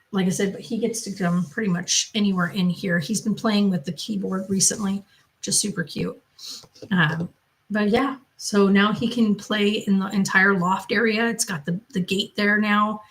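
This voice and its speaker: A woman's voice: mid-range voice, low-quality recording. A woman hosting her channel from the loft of her home, chatting casually and rambling as she answers viewer comments. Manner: chatty, rambling, loose storytelling. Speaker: mother and channel host.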